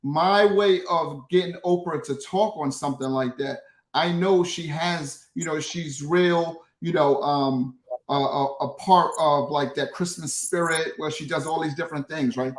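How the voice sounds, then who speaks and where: A man's voice: fairly high pitch, measured pace. A man as an interview guest, explaining his methods with frequent restarts and "right?" tags. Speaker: guest, social media creator. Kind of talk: interview answers. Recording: roomy echo.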